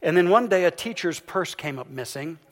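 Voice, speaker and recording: A man's voice: sits high, expressive, moderate pace. Man preaching in a reverberant hall. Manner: storytelling, rising to loud emphatic peaks then dropping soft. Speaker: pastor. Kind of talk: sermon.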